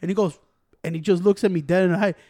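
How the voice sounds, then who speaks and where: A man's voice: high-pitched, quick pace, no room sound, clean studio sound. A man telling a story in casual chat among friends, swearing a lot and acting out other people's lines. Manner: profane, animated, mimics other people.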